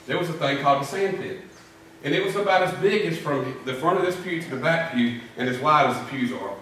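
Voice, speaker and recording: A man's voice: on the high side, lively intonation, fairly quick, a bit bright, a little hiss or hum. A middle-aged man preaching a sermon, telling folksy stories and doing drill-sergeant impressions. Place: church sanctuary. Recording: echoey church from far off.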